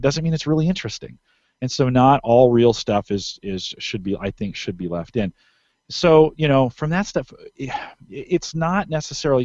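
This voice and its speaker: A man's voice: medium pitch, darkish tone, no echo, lo-fi sound. A man co-hosting a podcast, talking casually in a rambling, emphatic way and often restarting sentences. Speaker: podcast co-host.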